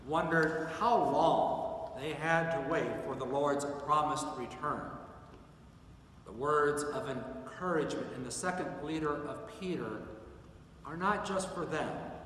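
A man giving a deliberate, solemn scripture reading at a worship service, recorded in a church sanctuary from a distant mic. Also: a little high, a bit bright, slight background noise. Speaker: scripture reader. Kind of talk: slow, measured scripture reading. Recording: echoey church from far off.

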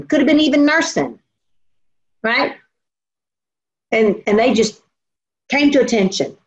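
Earnest woman preaching, lo-fi sound. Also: high-pitched. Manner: earnest, storytelling, slows for emphasis. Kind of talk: sermon. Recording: dull lo-fi recording.

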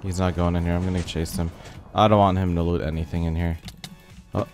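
A young man giving relaxed, rambling commentary over a game, his voice a bit rough from being sick. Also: low voice, brisk. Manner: rambling, filler-heavy, laid-back. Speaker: gaming video host. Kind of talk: casual commentary over gameplay. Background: faint background music.

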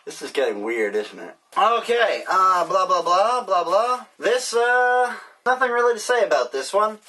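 A man's voice: a little high, bright, forceful tone. A man hosting a casual mail-opening vlog, joking and rambling sarcastically as he opens packages. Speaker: vlogger. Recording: distant mic, faint hiss.

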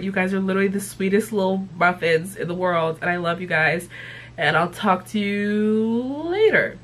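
A woman's voice: mid-range voice, moderate pace. A sick young woman with a congested voice, chatting bluntly to her viewers and cursing freely. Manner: blunt, swears freely, animated. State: congested from illness. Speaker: YouTube vlogger. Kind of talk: casual chat to camera.

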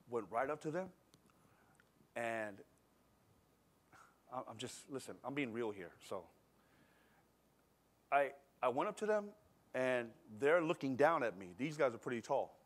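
A middle-aged man preaching a sermon in a church service, telling a personal story in a conversational, animated way and swinging between quiet and loud. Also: medium pitch, measured pace, long pauses. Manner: animated, conversational, acts out scenes with shifting loudness. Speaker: pastor.

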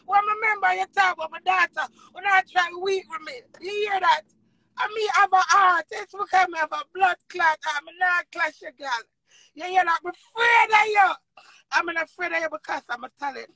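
A tearful woman with a Jamaican accent, ranting emotionally, swearing in patois, swinging from low mutters to shouts. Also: a little fast, no room sound, low-quality recording. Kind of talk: emotional live rant.

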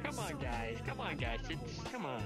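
A man doing a deranged homeowner in a game, his voice lurching from low mutters to squeaky shrieks. He sounds erratic and menacing, with lively swings in pitch and music playing behind. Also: moderate pace, close to an everyday voice. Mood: creepy. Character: creepy unhinged homeowner man.

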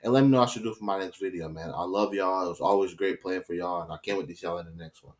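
A young man, hosting a gameplay channel, trash-talking opponents and shouting when matches heat up. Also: deep voice, rapid-fire. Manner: excitable trash talk, shouts and taunts when fighting. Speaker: gaming channel host. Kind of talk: gameplay commentary.

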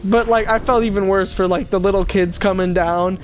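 A young woman, co-hosting a casual podcast and telling a funny story with lively impressions. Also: brisk, faint music behind, poor audio. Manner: animated, mimics a drunk stranger in a high wail. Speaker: podcast co-host.

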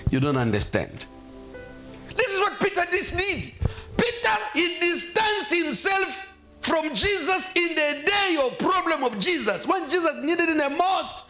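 High, lively male preacher. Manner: emphatic, asks the congregation questions and acts out quotes. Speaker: pastor. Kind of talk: sermon. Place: church.

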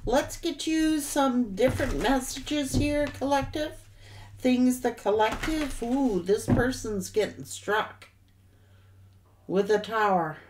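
A woman giving a tarot reading to her audience, speaking straight to the viewer with drawn-out remarks and sudden exclamations. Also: a little high, noisy background. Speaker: tarot reader.

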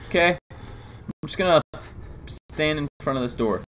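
A man giving horror game commentary as a let's play gamer, jumpy and swearing constantly, breaking into panicked yelling. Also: on the high side, lively intonation, measured pace, slight background noise, low-quality recording. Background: game music.

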